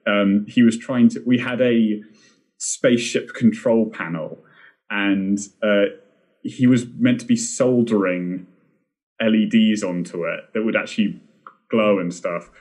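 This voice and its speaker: A young man talks in a relaxed, meandering way. He often restarts his sentences and laughs at himself, and his voice sits a little on the low side. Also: measured pace. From Britain. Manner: rambling, self-deprecating, many fillers and restarts. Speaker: film director and podcast guest. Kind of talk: casual podcast chat.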